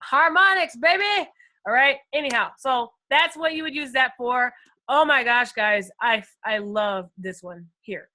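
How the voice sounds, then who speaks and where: Woman, trading instructor, high voice, chatty, excitable, live screen lesson. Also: a little slow. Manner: excitable, bursts loud then drops quiet, chatty asides; addresses viewers as guys and first timers.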